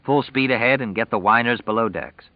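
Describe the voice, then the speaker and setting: A man reading a novel aloud as audiobook narrator, steady and measured. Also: medium pitch, no room sound, muffled recording. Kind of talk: scripted narration.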